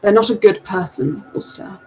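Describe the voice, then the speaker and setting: Husky, earnest cloaked man, nervous and secretive, halting pleas; a woman voices him at the table. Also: medium pitch, a little mellow, lightly acted, rough recording. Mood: confessing.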